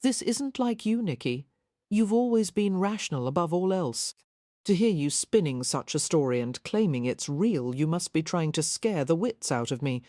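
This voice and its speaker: A frightened, skeptical young woman, breathless and pleading, as a woman narrator voices her. The voice stays mellow and close, with no room sound, in a romance audiobook. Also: low voice, lively intonation, moderate pace, dry recording. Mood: defiant. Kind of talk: audiobook character reading.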